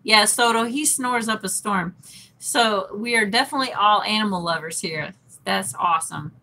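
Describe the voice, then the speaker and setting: Speaking at a normal speed, a woman reads viewer comments aloud on a casual livestream and laughs often. Her mid-range voice is creaky and bright, with a forceful tone.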